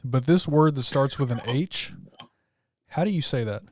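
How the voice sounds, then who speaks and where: A man hosting a livestream, chatting in a relaxed, conversational way with his guest. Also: mid-range voice, normal speed, dry recording, clean studio sound. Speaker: livestream host. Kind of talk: casual livestream chat.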